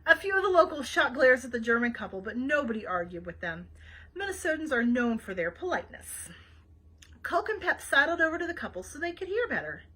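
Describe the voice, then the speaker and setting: A woman reading a children's novel aloud for a library program, expressive and chatty, with small asides to her listeners. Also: sits high, brisk, breathy edge, poor audio. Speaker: library read-aloud host.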